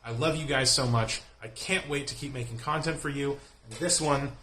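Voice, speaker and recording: A young man delivering a fast science explainer monologue to the camera, punchy and full of rhetorical questions. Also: medium pitch, background noise.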